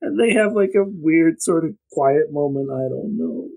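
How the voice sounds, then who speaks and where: A man's voice: fairly high pitch, expressive, moderate pace, vocal fry, a little mellow. A man hosting a casual movie review chat, recapping scenes with dry sarcasm and mock quotes. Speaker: podcast host.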